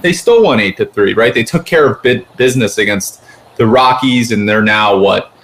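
A man's voice: fairly low pitch, animated, a bit bright. Rambling man talking sports. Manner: rambling, quick, many fillers like "like". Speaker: podcast co-host. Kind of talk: casual sports podcast chat.

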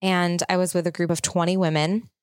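A woman's voice: fairly low pitch, little pitch movement, a little fast, clean tone, no echo, studio quality. A woman in her thirties hosting a podcast, telling a personal story in a chatty, open, reflective way. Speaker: podcast host. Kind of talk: casual chat.

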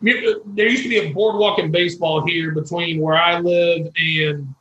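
A man with a high voice tells a folksy, earnest story as an interview guest. His audio sounds roomy and a little dull, with faint noise behind him. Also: steady tone, a little slow, bright, forceful tone. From Florida. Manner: folksy and earnest, with quoted dialogue.

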